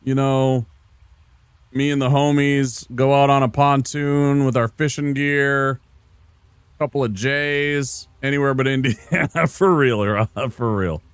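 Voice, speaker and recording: A man's voice: medium pitch, fairly even intonation, slow, smooth, dry recording. A laid-back man from Minnesota streaming a game, rambling casually and talking to viewers by name. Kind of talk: casual gameplay chat with chat.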